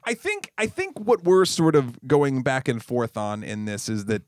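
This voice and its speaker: A man's voice: medium pitch, big pitch swings, normal speed, no room sound, studio quality. A man co-hosting a casual movie podcast, arguing his point emphatically and swearing casually. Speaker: podcast co-host.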